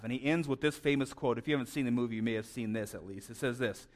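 A man's voice: mid-range voice, fairly quick. Chatty, stammering man preaching. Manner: conversational, stammers and repeats words. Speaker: pastor. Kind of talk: sermon.

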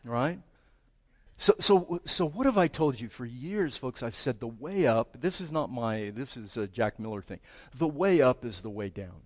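A pastor preaching a sermon, lively and conversational, often asking the congregation questions and voicing prayers aloud. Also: male voice, mid-range voice, moderate pace. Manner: animated, asks the congregation questions and acts out prayers.

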